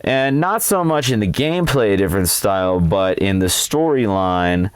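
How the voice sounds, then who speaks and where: A man presenting and reviewing a video game in a relaxed, conversational way. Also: lowish voice, moderate pace, clean tone, no room sound. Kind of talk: casual game commentary.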